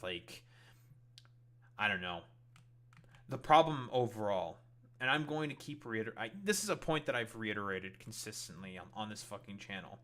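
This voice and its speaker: A man's voice: lowish voice, big pitch swings, normal speed, pauses often, fairly bright tone. A male streamer delivering a heated, profanity-laden political rant while reacting to clips. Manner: heated, swears constantly.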